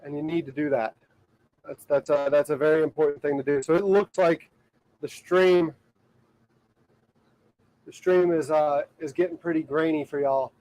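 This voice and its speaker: High-voiced man chatting on a boat livestream. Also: fairly even intonation, moderate pace, pauses often, a little mellow, poor audio. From Ohio, USA. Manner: rambling, filler-heavy talk with many "like"s and frequent laughter. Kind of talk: casual live-stream chat. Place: outdoors on a boat on the water.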